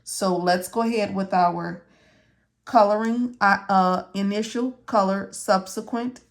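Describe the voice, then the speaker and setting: A woman explains medical coding notes to students step by step in a casual tutorial, using a mid-range voice with a steady tone and measured pace. She repeatedly checks in by saying "okay?" and "all right?"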